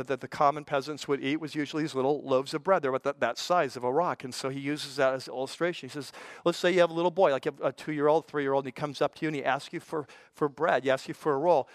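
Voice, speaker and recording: A man's voice: fairly high pitch, dry recording. An older man, a pastor, preaching a sermon in a conversational way, with folksy asides and frequent stammered restarts.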